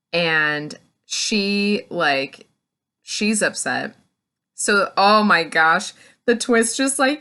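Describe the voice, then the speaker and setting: A woman's voice: on the low side, pushed and bright. A woman reviewing a book, recapping the plot in a gushing, casual way, full of "like". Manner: gushing, filler-heavy, full of "like".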